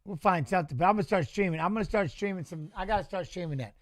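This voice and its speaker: High-voiced animated man, dry close sound. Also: very fast, no echo. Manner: animated storytelling, swears casually. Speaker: watch-along host and former fighter. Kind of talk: casual chat reading live chat.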